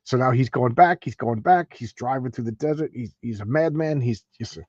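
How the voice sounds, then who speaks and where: A man gushing over a comic book page by page, excitable and often stumbling and restarting. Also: medium pitch, brisk, breathy edge, dry recording, highs cut off. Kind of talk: enthusiastic comic page read-through.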